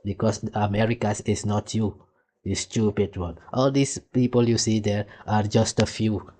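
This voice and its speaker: A man's voice: lowish voice, steady tone, normal speed, darkish tone. A man hosting a reaction video, mocking and arguing heatedly with the clip he plays. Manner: mocking, insulting, argumentative. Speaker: commentary host reacting to clips.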